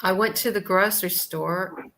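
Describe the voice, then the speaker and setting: A woman's voice: mid-range voice, steady tone, moderate pace, a bit bright, a little hiss or hum. A woman who is a guest on a livestream, chatting easily about her day. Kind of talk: casual chat.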